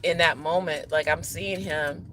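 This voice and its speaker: A man's voice: on the high side, fairly even intonation, measured pace, low-quality recording. A man who is a teacher, talking earnestly and candidly in a personal vlog, often checking in with "okay?". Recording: loud vehicle noise behind.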